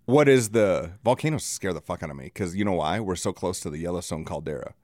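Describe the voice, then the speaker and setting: A man's voice: deep voice, lively intonation, fast, darkish tone, dry recording, studio quality. A middle-aged man from the American Midwest, co-hosting a podcast in a casual, profane, joking rant. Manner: profane, ranting, jokey. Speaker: podcast co-host. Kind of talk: casual chat.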